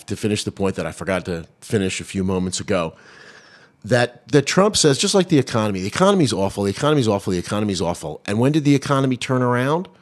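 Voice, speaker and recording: A man co-hosting a political talk show, giving opinionated, wry commentary with many restarts. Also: mid-range voice. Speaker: co-host of a political radio show.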